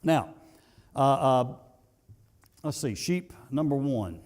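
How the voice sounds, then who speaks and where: A pastor preaching a sermon in a church, building to emphatic peaks and then dropping to soft asides, with some halting repeats. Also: male voice, medium pitch, expressive. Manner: halting repetitions. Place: church sanctuary.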